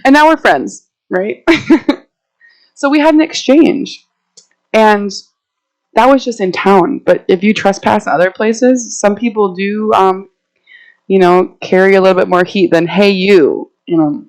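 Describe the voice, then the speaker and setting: A woman's voice: medium pitch, unhurried, pauses often, darkish tone, low-quality recording. A woman herbalist giving a casual, chatty talk to a live audience, telling stories and laughing often as she walks around the room. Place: indoor meeting room, walking around while speaking.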